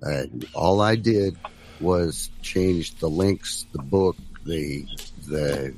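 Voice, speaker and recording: A man calling in to a radio show who speaks hesitantly and carefully to clear something up. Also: low-pitched, drawn-out words, a little mellow, a little hiss or hum. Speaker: show contributor. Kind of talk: call-in radio talk.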